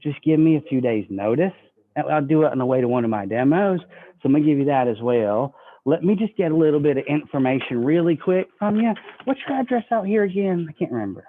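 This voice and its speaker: Folksy sales trainer, man, slightly high voice, phone-thin sound. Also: expressive, fast. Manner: folksy, acts out customer dialogue. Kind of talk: sales training talk with role-played pitches. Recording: tinny phone-like audio.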